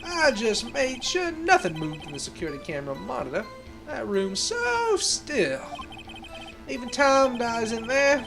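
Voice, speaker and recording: Woman playing a theatrical drawling game cowboy, bad Texan accent, gravelly, music behind. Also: fairly high pitch, very animated, unhurried, pitched above the performer's own voice, heavily acted. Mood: laid-back. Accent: deliberately bad Texan. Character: swaggering drawling cowboy detective man. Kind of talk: fan voice-acting of a game.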